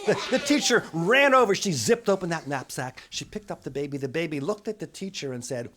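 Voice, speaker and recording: A man telling a story for children, playful, with drawn-out words and sound effects. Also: a little high, big pitch swings, very noisy.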